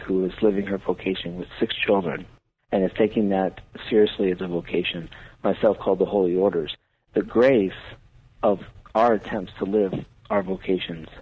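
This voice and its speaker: A man's voice: fairly low pitch, creaky, husky. A man, a priest, talking earnestly on a radio talk show with a preaching cadence. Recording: tinny phone-line radio audio.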